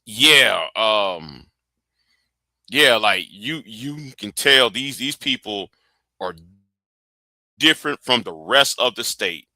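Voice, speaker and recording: A man's voice: medium pitch, animated, slow pace, long pauses, pushed and bright, no echo. A middle-aged man, hosting a casual political livestream and rambling through stammers and restarts. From Texas. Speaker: livestream host.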